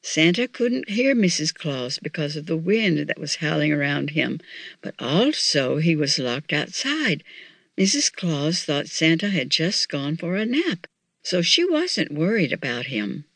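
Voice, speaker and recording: Slow-reading woman storyteller. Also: low voice, big pitch swings, fairly bright tone, no echo. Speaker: audiobook narrator. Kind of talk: children's story narration.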